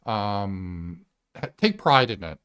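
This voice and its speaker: A man hosting a live political commentary show, talking casually and animatedly, swearing and mimicking voices in a shrill tone. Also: very animated, slow, fairly bright tone, smooth. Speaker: show host.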